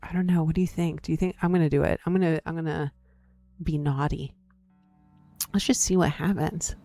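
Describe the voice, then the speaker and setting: A woman's voice: low voice, steady tone, fairly quick, mellow, no room sound, soft background music. A woman casually commenting as she plays a story game, reading its text aloud, talking to herself and her viewers, and reacting with surprise. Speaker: gaming video host.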